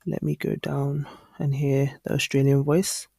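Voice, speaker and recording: A man walking through a screen-recorded software tutorial as an online course instructor, thinking aloud casually with frequent ums and restarts. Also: on the high side, flat delivery, a little slow, creaky, breathy edge, dry recording, clean studio sound.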